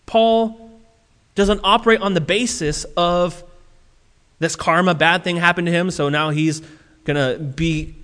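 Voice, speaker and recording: Man, preacher, sermon, animated, acts out quotes, high-pitched, long reverb. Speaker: pastor.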